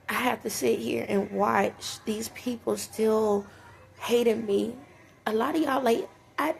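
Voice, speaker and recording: A woman speaking earnestly in a personal vlog, tearful and halting. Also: on the high side, gravelly, darkish tone, slight background noise. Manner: tearful, earnest, faith-filled, halting with restarts. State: teary, sniffly. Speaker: vlogger. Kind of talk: emotional personal talk to camera.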